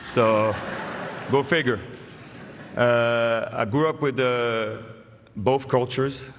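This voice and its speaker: A man with a French accent delivers a good-humored acceptance speech, spinning stories about his teammates. His voice sits at an ordinary pitch and rings out with the long reverb of a big hall. A faint murmur of ambience lies underneath. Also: steady tone, slow pace, background noise. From France. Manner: joking, storytelling. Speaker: honoree giving an induction speech. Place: large hall.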